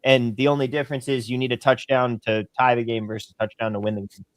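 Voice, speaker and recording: A man's voice: medium pitch, level tone, quick pace. A man on a live sports-betting panel, arguing his point logically with dry jokes in casual chat.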